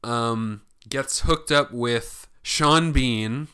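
Man, podcast co-host, casual rambling chat, bright tone, smooth clear voice. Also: medium pitch. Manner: rambling, acts out characters' lines in quick asides. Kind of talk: casual chat recapping a movie.

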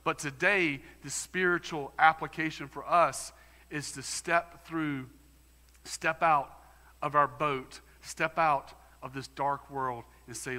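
A man's voice: on the high side, fairly even intonation, takes it slowly, bright, forceful tone, in a large hall. A man preaching a sermon as pastor, emphatic and conversational. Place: church sanctuary.

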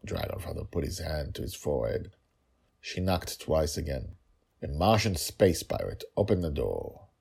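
Deep gravelly man telling a podcast story. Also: unhurried. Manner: animated, chuckling aside.

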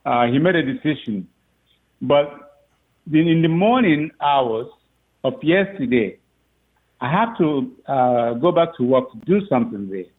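A man, the father of a recruit, telling a story in a rambling, halting way with frequent laughs. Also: medium pitch, expressive. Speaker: father of a recruit, interview guest. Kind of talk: phone interview, storytelling. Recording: tinny phone line.

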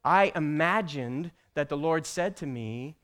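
A man teaching a church group, telling a personal story with animated delivery that builds to loud, emphatic peaks. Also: fairly high pitch, a little slow. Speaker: church teacher presenting slides.

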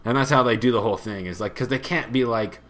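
A man's voice: medium pitch, quick pace, a bit bright. A young man co-hosting a casual comedy podcast, spinning a story and laughing often as he acts out other people's lines. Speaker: podcast co-host.

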